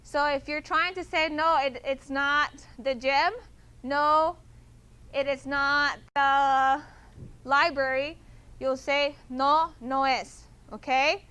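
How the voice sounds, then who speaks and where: A woman's voice: sits high, fairly even intonation, slow pace, pushed and bright. A woman teaching a Spanish class, patient, checking often that students follow. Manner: patient, repeats and checks understanding with "okay?".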